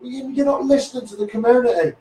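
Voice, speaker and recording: A local campaigner with a Liverpool (Scouse) accent delivers a blunt, rambling rant in a live stream monologue, repeating "mate" and "you know what I mean". His voice is very high-pitched yet warm, and he talks quickly. The rough recording is reverberant, with a distant mic.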